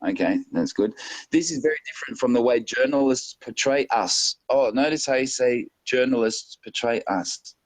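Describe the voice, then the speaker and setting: A man in a casual online hangout, reading passages aloud and breaking off to mock them. His voice is mid-pitched and sits in a dry, close sound. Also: normal speed, no echo, rough recording. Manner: mocking, reads quotes aloud with sarcastic asides. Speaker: hangout participant.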